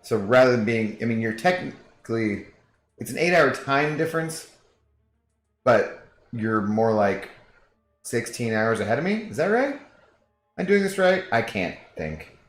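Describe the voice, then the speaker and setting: A man's voice: mid-range voice, very animated, a little slow, pauses often, echoey room. A man streaming a video game, chatting casually and jokingly with viewers and reading their messages aloud.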